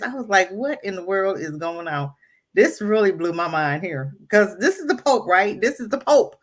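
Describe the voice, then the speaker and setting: A woman's voice: mid-range voice, breathy edge. Indignant woman commenting on a talk show. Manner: animated, indignant, emphatic. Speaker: co-host of an online talk radio show. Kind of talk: casual opinion talk, commenting on a played clip.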